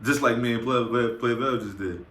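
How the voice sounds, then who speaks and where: Young man, bright forceful voice, animated slangy storyteller, roomy echo. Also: mid-range voice, normal speed, slight background noise. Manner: animated, slangy, acts out quotes. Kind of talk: casual storytime anecdote.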